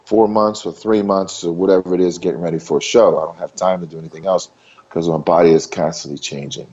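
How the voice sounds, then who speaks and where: A low-pitched man talks casually in an interview, stressing his points by repeating words. His manner is loose and emphatic. The recording is dull and lo-fi. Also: steady tone, fast talker, darkish tone. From Maryland. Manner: emphatic, repetitive, loose and conversational. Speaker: interview guest, bodybuilder.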